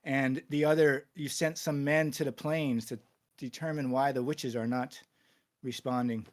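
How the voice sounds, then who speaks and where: A man's voice: mid-range voice, fairly even intonation, a little slow, natural voice. A man puts on a loyal first guard in a tabletop game. He reports to his chief in an earnest, dutiful way.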